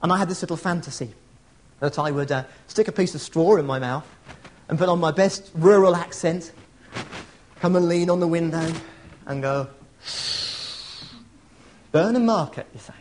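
A man's voice: fairly high pitch, fairly even intonation, moderate pace, pauses often, slight background noise. A middle-aged man preaching a sermon, earnest and conversational, with storytelling asides. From England.

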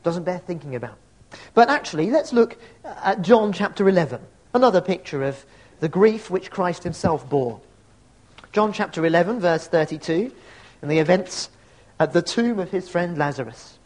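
A male preacher with a fairly high voice delivers a reflective sermon. He muses aloud and poses rhetorical questions to his listeners. At times he reads passages of scripture and poetry. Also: lively intonation, moderate pace, a little mellow.

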